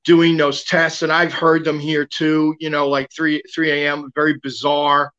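A man's voice: a little high, monotone, a little slow, pushed and bright, highs cut off. A man guest telling a long personal story in casual talk, rambling with lots of fillers and restarts.

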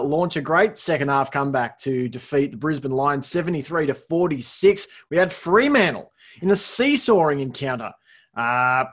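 Lively man hosting a sports podcast. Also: fairly high pitch. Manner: lively, reads scores with wry asides. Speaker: podcast host. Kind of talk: casual sports podcast chat.

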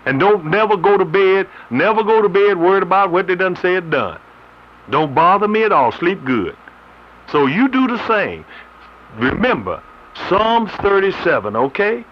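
A man preaching a radio sermon, laughing often as he reads and explains scripture. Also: a little high. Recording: slightly muffled radio broadcast with faint noise.

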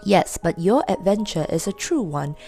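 A woman plays a naughty girl doll from a storybook, always up to mischief and teasing the others. Her voice bounces lively up and down, mellow in tone. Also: fairly low pitch, moderate pace, soft background music. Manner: teasing, chuckling.

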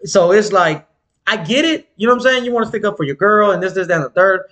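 Man, high voice, wildly lively pitch, casual slangy storytelling. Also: fast talker. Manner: animated storytelling, swings pitch wide, slangy and profane. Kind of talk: casual chat.

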